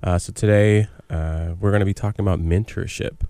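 A man hosting a casual community radio show, relaxed and soothing in his delivery. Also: deep voice, a little fast, no echo.

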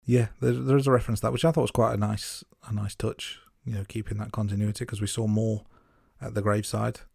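Husky, gravelly male podcast co-host. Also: on the low side, little pitch movement, fast, a little mellow, dry recording, clean studio sound. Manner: self-deprecating, laughs at himself, stumbling restarts. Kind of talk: casual film chat.

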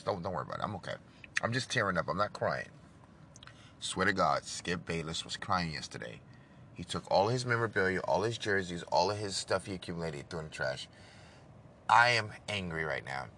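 A man hosts his own show and rants about sports with real passion. His voice sits low, yet it comes across bright and forceful. He swings between loud bursts and quiet, hushed asides. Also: a little hiss or hum. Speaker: show host. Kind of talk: ranting sports monologue.

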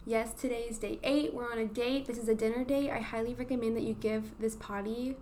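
A woman's voice: on the high side, fairly even intonation, a little fast, darkish tone, slight background noise. A young woman co-hosting a casual podcast from home at a dinner table, playful, giggly and teasing. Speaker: podcast co-host. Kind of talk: casual chat.

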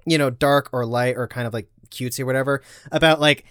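Another podcast co-host, a man, chats casually and rambles with plenty of fillers and restarts. He speaks fast in a steady, mid-range voice that is clear, resonant and fairly bright. The recording is dry and of studio quality.

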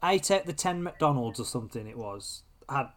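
A man's voice: medium pitch, very animated, brisk, a bit bright. A man, telling crude stories on a casual podcast, blunt and full of swearing. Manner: blunt, heavy swearing, storytelling. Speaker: podcast co-host.

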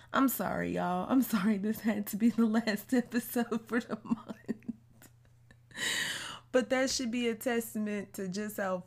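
A woman's voice: mid-range voice, gravelly. A woman hosting her own podcast in a casual solo monologue, blunt, slangy and outspoken. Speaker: podcast host.

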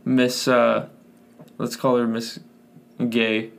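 Young male podcast co-host, gravelly voice with lots of fry, laid-back and joking. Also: mid-range voice, completely flat delivery, extremely slow. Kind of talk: casual chat.

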